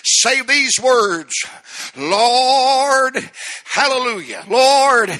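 A man voicing a gentle old priest who soothes a young boy in a sermon. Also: very high-pitched, expressive, drawn-out words, pitched above the performer's own voice, exaggerated voice. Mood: reassuring.

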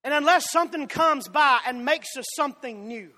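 A man with a Southern drawl from Georgia, preaching a fiery sermon that swings between loud shouts and soft asides. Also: very high-pitched, normal speed. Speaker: pastor. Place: church sanctuary. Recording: long hall reverb.

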